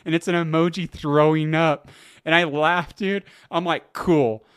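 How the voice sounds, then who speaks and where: A man's voice: fairly high pitch, fairly even intonation, unhurried, fairly bright tone, clear, resonant tone, no room sound, clean studio sound. A middle-aged man hosting his podcast alone, telling a story in a casual, incredulous way, swearing and laughing at his own story. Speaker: podcast host. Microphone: close podcast mic.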